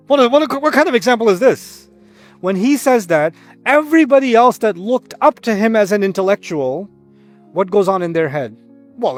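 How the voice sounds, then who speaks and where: A man with a high voice teaches a Quran lesson, explaining Arabic wording with classroom examples. He is animated and acts out the people he quotes. Faint music plays under his voice.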